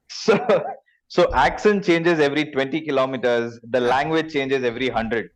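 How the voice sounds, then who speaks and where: A man's voice: medium pitch, rough recording. A man with an Indian accent, a guest on a podcast, talking in a friendly, eager way. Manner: friendly, eager, quick to laugh. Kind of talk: remote interview.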